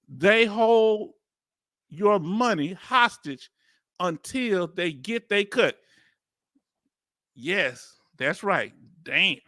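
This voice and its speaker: Animated Southern man reacting, high bright voice. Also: no room sound, clean studio sound. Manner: animated, incredulous, street slang, laughs often. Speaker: video host reacting to a hearing. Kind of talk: casual reaction commentary.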